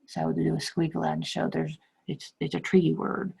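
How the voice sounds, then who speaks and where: A middle-aged woman teacher explaining phonics to young children slowly and patiently. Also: deep voice, completely flat delivery, gravelly, darkish tone, slightly rough, rough recording. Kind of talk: recorded phonics lesson.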